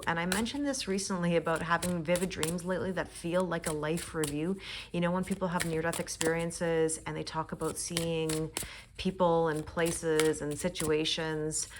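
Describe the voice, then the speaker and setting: A woman with a lowish voice talks through a weekly tarot reading in a relaxed, reflective way, laughing now and then. Cards shuffle and click clearly in the background. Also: noisy background. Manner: reflective, soft-spoken, laughs often. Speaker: tarot reader. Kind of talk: casual spiritual forecast.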